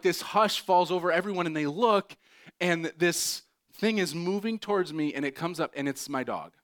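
Man, pastor, sermon, animated storytelling, self-deprecating, somewhat high-pitched. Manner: animated, self-mocking storyteller with many fillers.

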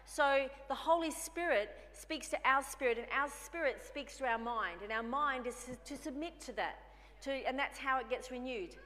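Woman preacher, higher voice, bright and forceful, conversational sermon, reverberant church hall. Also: normal speed. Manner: conversational, acts out dialogue with herself.

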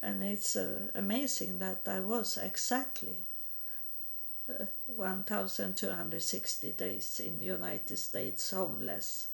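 A woman tells her religious testimony in English at an unhurried pace. Her voice has a gravelly fry, and she stops and repeats words often, with broken grammar. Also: mid-range voice. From Sweden.

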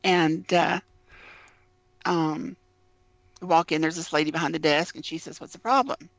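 A woman's voice: low-pitched, little pitch movement, measured pace, no echo. A woman guest in a casual interview, telling an anecdote and acting out the quoted dialogue. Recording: dull lo-fi, dry sound.

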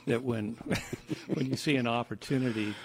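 A man hosting a casual conversation, playful and laughing a lot, talking in halting phrases. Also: medium pitch, steady tone, a little hiss or hum. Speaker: host.

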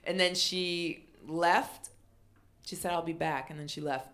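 A middle-aged woman comedian telling a funny story, animated and acting out other people with loud exclamations. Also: lowish voice, unhurried. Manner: animated, acts out quotes with shouted exclamations.

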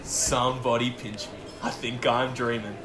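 An actor with an Irish accent playing a loud, teasing male restaurant owner in a comedy sketch, laughing and mocking. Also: medium pitch, little pitch movement, moderate pace, soft background music, natural voice. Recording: roomy echo.

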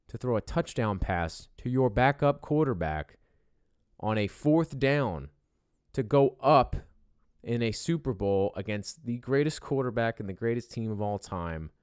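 A man in a casual, profane, animated monologue as a sports fan, swearing and rambling. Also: lowish voice, smooth, no room sound, studio quality.

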